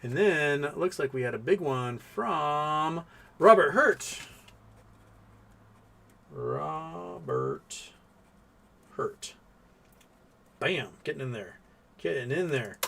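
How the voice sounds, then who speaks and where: Gravelly man chatting on a livestream. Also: fairly high pitch, expressive, slow, pauses often, a bit bright. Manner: chatty, talks to his pets and reads chat aloud. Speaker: livestream host. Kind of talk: casual livestream chat.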